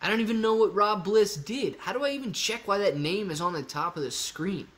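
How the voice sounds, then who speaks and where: A man hosting a casual livestream Q&A. He reads out viewer comments, gets excited, thinks aloud and repeats himself. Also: sits high, brisk.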